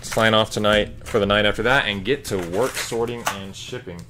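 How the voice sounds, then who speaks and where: A man's voice: fairly low pitch, fairly even intonation, normal speed, noisy background. A man hosting a live trading card break, casually calling out each card as he opens packs.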